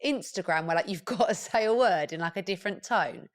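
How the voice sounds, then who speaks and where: A woman hosting a podcast, chatting frankly and asking parenting questions. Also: medium pitch. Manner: chatty, frank, quick to laugh. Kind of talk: casual podcast chat.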